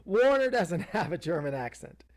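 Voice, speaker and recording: A man's voice: high-pitched, very animated, normal speed. A man co-hosting a podcast, recapping a TV episode in a casual, rambling way, full of fillers and self-interruptions. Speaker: podcast co-host.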